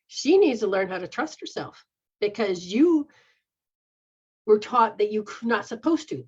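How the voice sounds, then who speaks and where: A woman's voice: mid-range voice, expressive, moderate pace, breathy edge. A woman healer guiding someone through a healing session, repeating a chant-like refrain and speaking directly to them. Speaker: spiritual healer. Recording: dull lo-fi recording.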